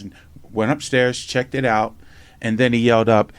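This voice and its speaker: A man telling a lively personal story in casual conversation, acting out other people's lines and swearing casually. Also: mid-range voice, moderate pace, smooth, no room sound. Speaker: podcast host and memoir author.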